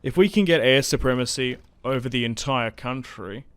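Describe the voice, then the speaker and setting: A young gaming YouTuber gives casual, chatty commentary while playing a strategy game, getting excited and laughing often. His pitch is medium and his speed normal.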